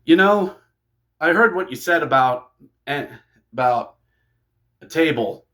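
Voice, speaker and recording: A man voicing a scheming male wrestler who talks calmly and persuasively. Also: a little high, unhurried. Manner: calm and persuasive.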